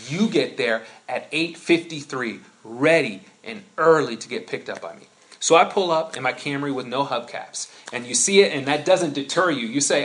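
A man preaching a sermon in a conversational way, building into animated storytelling. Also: a little high. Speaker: pastor.

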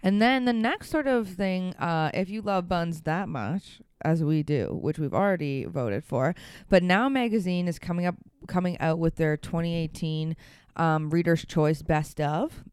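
A woman co-hosting a podcast, chatty and quick to laugh. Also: on the low side, expressive, a little mellow, clear, resonant tone, dry recording, clean studio sound. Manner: chatty, laughs often, many fillers. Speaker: podcast co-host. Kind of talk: casual podcast chat.

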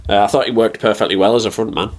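A man with a fairly low voice chats casually about films on a podcast. He is measured and often hesitant as he starts his thoughts. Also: fairly even intonation. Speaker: podcast co-host. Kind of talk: casual film review chat.

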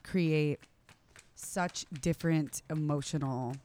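A woman chatting casually, telling stories with many filler words. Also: low voice. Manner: animated storytelling, quick, many "like" fillers. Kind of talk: casual chat.

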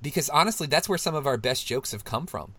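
A man co-hosting a podcast in casual chat, animated and laughing often, his voice jumping up when he mimics people. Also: medium pitch, fast, no echo. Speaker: podcast co-host.

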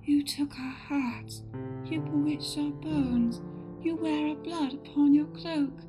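A woman's voice: high voice, steady tone, slow pace, pitched above the performer's own voice. Woman voicing a small mournful ghost boy. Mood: haunting. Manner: small lonely repeating voice. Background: music.

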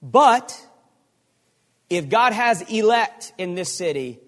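A man preaching a sermon, emphatic and animated, firing off rhetorical questions. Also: high voice, takes it slowly. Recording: long hall reverb.

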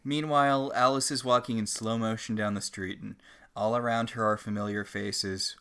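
A woman's voice: a bass voice, fairly even intonation, normal speed, a bit bright, clean tone. A woman co-hosting a podcast, recapping an episode casually with dry, mocking humor. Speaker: podcast co-host.

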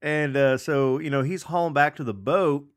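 A man guesting on a casual podcast, telling a story in a loose, profane, animated way. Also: fairly high pitch, moderate pace, no echo, studio quality.

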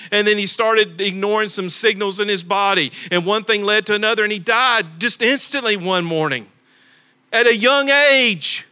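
Bright-voiced, high-pitched male pastor preaching. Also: normal speed, clear, resonant tone. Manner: emphatic, repetitive preaching with rhetorical questions. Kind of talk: sermon. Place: church sanctuary.

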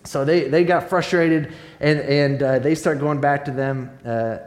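A man in a pastor's role gives a sermon in an echoey church room, his voice sitting a bit high for a man. He retells scripture like a casual story, with easy fillers and restarts. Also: fairly even intonation, measured pace.

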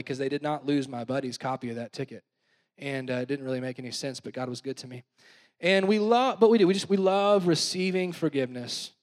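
Young male pastor, high tenor voice, animated storytelling sermon, echoing church hall. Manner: storytelling, animated with call-and-response. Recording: long hall reverb.

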